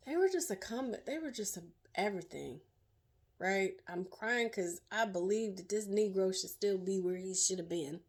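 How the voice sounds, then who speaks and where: Emotional middle-aged woman, halting speech. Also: mid-range voice, darkish tone. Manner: halting, emotional, many fillers and restarts. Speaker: survivor sharing her story. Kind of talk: personal testimony.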